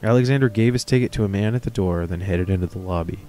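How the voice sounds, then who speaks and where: A man's voice: low-pitched, fast, dark tone, soft background music. A man reading a horror story aloud, with casual, chatty asides. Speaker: reader of stories.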